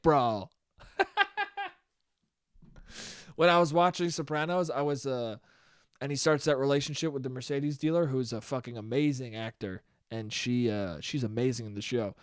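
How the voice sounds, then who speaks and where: A man's voice: medium pitch, normal speed, smooth, no room sound, studio quality. A young man hosting a solo comedy podcast, rambling and profane, laughing at his own jokes. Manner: slips into mock voices. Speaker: podcast host.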